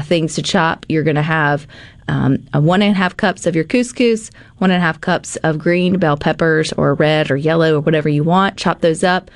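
A woman hosting a casual cooking segment, chatty and animated, with frequent filler words. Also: on the low side, no room sound. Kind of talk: casual cooking demo chat.

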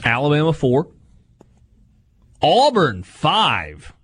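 Husky sports radio host. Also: male voice, on the high side, huge pitch swings, takes it slowly, fairly bright tone. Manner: reads sponsor copy and poll rankings, teases co-hosts.

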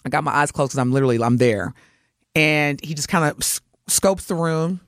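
A woman co-hosting a morning radio show, telling a story in lively chat and acting out the voices of the people in it. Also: low-pitched, brisk, no echo, studio quality. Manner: animated, acts out voices while telling a story. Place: radio studio.

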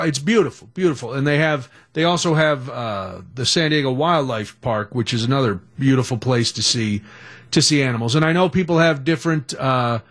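A middle-aged man hosting a radio talk show, telling a story in a chatty, animated way. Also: mid-range voice. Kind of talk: casual storytelling.

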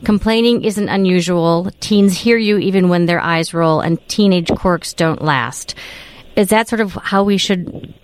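A woman with a fairly low voice cohosts the conversation, asking questions in a casual way and bringing in her own experiences. The sound is close and dry, with no room around her. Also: unhurried, clear, resonant tone, no room sound. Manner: casual, questioning, shares personal anecdotes. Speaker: podcast cohost. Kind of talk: interview conversation.

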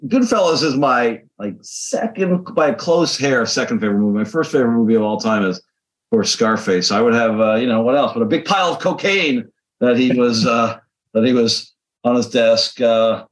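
A man's voice: medium pitch, lively intonation, moderate pace, poor audio. A man co-hosting a radio podcast, chatting casually in a loose, rambling way with many fillers. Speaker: podcast co-host. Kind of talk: casual chat.

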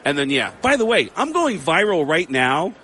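A stand-up comedian man spins quick, excitable stories and acts out every exchange as he goes. His voice sits a bit high and sounds bright and forceful. A faint hum of noise runs underneath. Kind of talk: animated anecdote telling.

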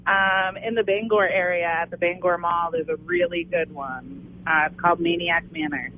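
Guy calling the radio on a tinny phone line, shy short answers, voice a bit high. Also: fairly even intonation, normal speed, a little hiss or hum. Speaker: caller. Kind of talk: phone call to a radio show.

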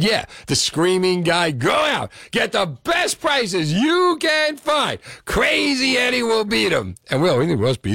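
A man's voice: mid-range voice, dry recording. A man hosting a call-in radio show, chatting and joking with listeners. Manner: lively, animated, joking with callers. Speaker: radio host.

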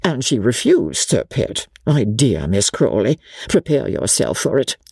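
A woman's voice: a bass voice, very animated, measured pace, vocal fry, a little mellow, slightly rough, no echo, studio quality, exaggerated voice. A woman doing a prim, meddling matron. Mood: sanctimonious. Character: scheming, sanctimonious middle-aged woman.

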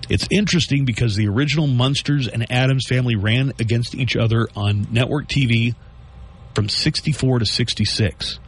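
A man's voice: medium pitch, slightly rough. A man co-hosting a casual chat show, talking things through aloud and tossing rhetorical questions to his co-hosts.

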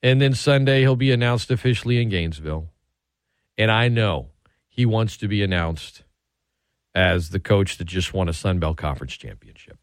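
A man's voice: fairly low pitch, dry recording, clean studio sound. A man hosting a sports radio show, talking casually and chattily with frequent restarts and asides.

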